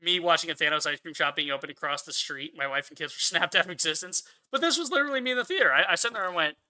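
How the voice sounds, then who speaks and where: A man's voice: high voice, animated, fast, hardly any pauses, bright, forceful tone. A man hosting his own channel, giving a profane, exasperated rant of movie commentary. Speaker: channel host.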